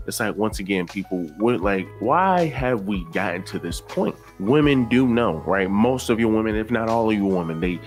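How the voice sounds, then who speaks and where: A man hosting a casual commentary video, talking in a relaxed, conversational way and repeating words for emphasis. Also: on the low side, moderate pace, hardly any pauses, faint music behind. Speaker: YouTube commentary host.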